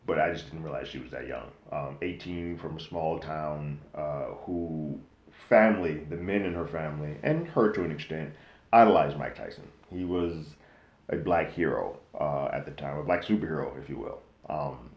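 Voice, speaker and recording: Very deep-voiced man reviewing a show. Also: echoey room. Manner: conversational, with frequent um and like fillers and animated quoted asides. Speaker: podcast host reviewing a TV series. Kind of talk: casual spoken review.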